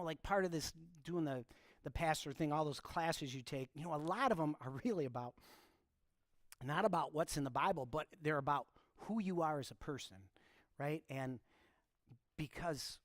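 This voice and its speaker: A man in his fifties preaches in a loose, conversational way, poking fun at himself and talking straight to the congregation. His voice sits a little higher than most men's. The sound is close and dry, with hardly any room around it. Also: no room sound. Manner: informal, self-deprecating, talks straight to the congregation. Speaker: pastor. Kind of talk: conversational sermon storytelling. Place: church.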